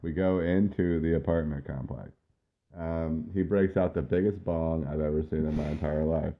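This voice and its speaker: A man's voice: rumbling low, fairly even intonation, normal speed, narrow, tinny audio. A man hosting a podcast, casually telling a rambling personal story. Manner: laid-back, rambling anecdote telling. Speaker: podcast host.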